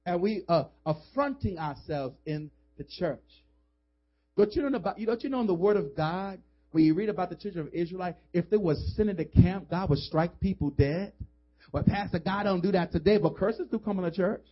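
A male pastor preaching a sermon with emphasis, swinging from shouts to hushed asides. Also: high voice, brisk, breathy edge. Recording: dull lo-fi recording.

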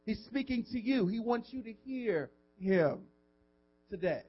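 A pastor delivers a sermon in a high, expressive voice at a measured pace, swinging from loud emphasis down to a hushed whisper. He speaks informally, repeating words as he puts questions to the congregation. His voice is slightly rough, and the recording's highs are cut off.

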